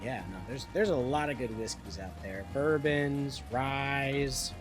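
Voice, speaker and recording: A man's voice: medium pitch, measured pace, music in the background. A young man streaming a game live, rambling and joking in casual chat and swearing freely. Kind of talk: casual gaming livestream chat.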